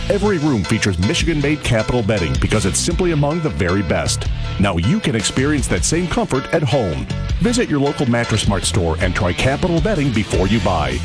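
A man reads a radio commercial with smooth, persuasive, lively inflection. A clear music bed runs under his voice throughout. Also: medium pitch. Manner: smooth, persuasive sales delivery. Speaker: commercial announcer. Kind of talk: scripted radio ad read.

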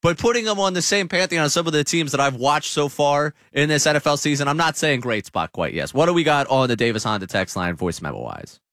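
A man's voice: fairly high pitch, sing-song, fairly quick, few pauses, fairly bright tone, dry recording. A man hosting sports talk radio, breaking down the team's start in a studio. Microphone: studio mic.

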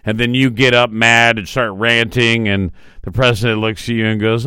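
A man in his forties hosting a morning radio talk show, telling stories in a lively, chatty way. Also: mid-range voice, a little fast, smooth, no room sound, studio quality. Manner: animated storytelling, mimics quotes. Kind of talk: casual radio chat.

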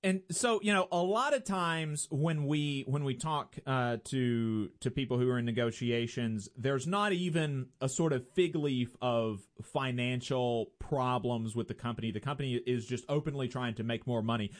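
A man's voice: mid-range voice, normal speed, hardly any pauses. A man interviewing a guest, asking rambling, hesitant questions full of fillers. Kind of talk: conversational interview.

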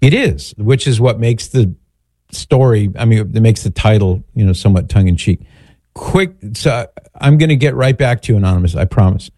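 A man's voice: fairly low pitch, expressive, moderate pace, dark tone, no room sound. A man hosting a talk show, answering a listener's question in a chatty, digressive, storytelling way. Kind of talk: casual radio-style chat.

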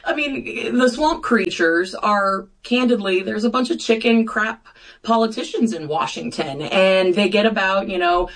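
A blunt, brisk woman talking politics as a show guest, mixing sarcasm into quick points. Her pitch sits in an ordinary middle range. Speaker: congresswoman guest. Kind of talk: political talk show interview.

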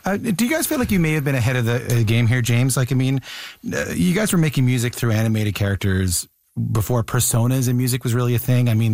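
A man's voice: mid-range voice, a little mellow, dry recording. Casual male interviewer, dry sound. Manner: casual, hesitant questioning with fillers. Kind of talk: interview conversation.

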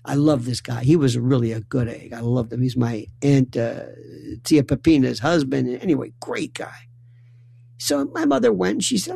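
A man from New York telling a comic family story, acting out voices with stammering restarts and lively swings. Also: mid-range voice, moderate pace, vocal fry, husky.

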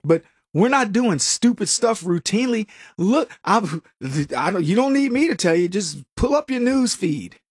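A man with a high, husky voice hosts a political talk show, giving a casual, sarcastic commentary monologue at normal speed. He's animated, restarts often, and chuckles at his own jokes, in a studio-quality recording with no echo.

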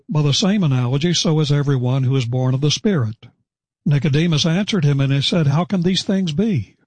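A man giving a measured, deliberate expository Bible teaching, reading verses and explaining them. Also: medium pitch, darkish tone, husky, dry recording.

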